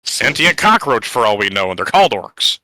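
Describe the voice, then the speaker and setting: Man, tabletop player, swearing banter, very bright tone, dry sound. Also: medium pitch, very animated, moderate pace, no room sound. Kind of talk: casual tabletop game chat.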